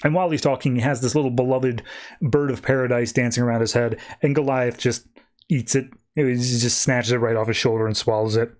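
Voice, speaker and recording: A man's voice: mid-range voice, fairly even intonation, a little fast, a little mellow. A man hosting a podcast, casually recapping a comic book and slipping into character voices. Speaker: podcast host.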